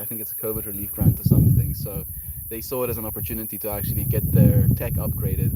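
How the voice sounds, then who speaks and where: Dude rambling on his livestream outside, crickets and bug noise all around, chatty and swears a lot. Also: lowish voice. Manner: rambling, animated, swears and laughs often. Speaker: livestream host. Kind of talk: casual livestream chat with viewers. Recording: steady outdoor noise with insects.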